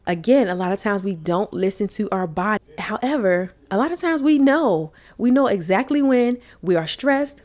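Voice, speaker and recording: A woman's voice: lowish voice, darkish tone. A woman speaking as a wellness coach in motivational coaching talk, earnest and firing off rhetorical questions. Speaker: wellness coach and podcast host.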